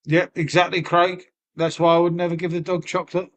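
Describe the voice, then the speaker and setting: A man's voice: high voice, level tone, a little fast, highs cut off. A middle-aged man, chatting casually and rambling to his live-stream viewers, swearing and laughing often.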